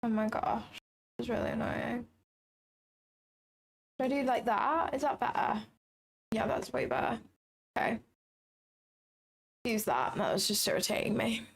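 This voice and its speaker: A woman's voice: fairly high pitch, lively intonation, unhurried, creaky, long pauses, slightly rough. A woman live-streaming her trading, talking casually and exclaiming often, with the odd swear word. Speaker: trading livestreamer. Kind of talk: casual livestream commentary.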